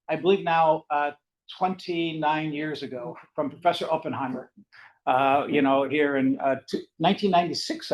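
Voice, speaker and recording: An older man with a Canadian accent giving an academic seminar lecture in a fast, rambling, conversational way. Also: a little high, dull audio. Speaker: guest lecturer.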